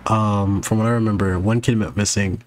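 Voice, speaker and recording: Low-voiced man rambling through gameplay commentary. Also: steady tone, fairly quick, slight background noise. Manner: rambling, checks in with "right?". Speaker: gaming YouTuber. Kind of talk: let's play commentary.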